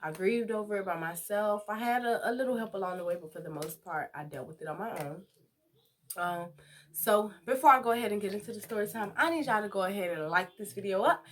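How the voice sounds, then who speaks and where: A woman's voice: mid-range voice, expressive, fast talker. A young woman telling a personal story in a casual vlog, chatty and talking straight to her viewers. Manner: chatty, addresses viewers directly. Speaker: vlogger.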